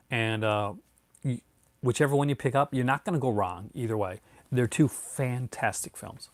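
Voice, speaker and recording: A laid-back man in his thirties chats casually on a live stream, answering viewers as he rambles with fillers, restarts, and the occasional "man." His mid-pitched voice sounds dry and close, with no room sound or echo.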